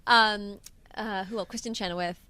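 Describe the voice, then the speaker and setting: A young woman with a New York accent chatting in an interview. She talks in a lively, self-deprecating way with easy laughs. Her voice sits at a middle pitch and sounds a bit tired from jet lag. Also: moderate pace, smooth. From United States. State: jet-lagged. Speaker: singer and impressionist guest. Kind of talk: casual interview chat.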